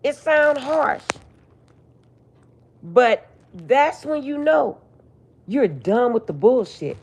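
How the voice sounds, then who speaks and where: A woman's voice: high-pitched, sing-song, extremely slow, a little mellow, breathy edge. A middle-aged woman, a spiritual reader, telling a personal story in a blunt, emphatic, profane way. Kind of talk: casual storytelling monologue.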